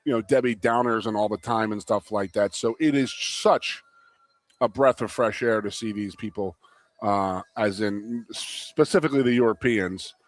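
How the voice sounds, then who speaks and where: A man from the Philadelphia area, co-hosting a live talk show, telling stories in an animated way and laughing easily. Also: fairly low pitch, normal speed, dry recording. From Philadelphia area, USA. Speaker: co-host. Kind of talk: casual sports talk show chat. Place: restaurant.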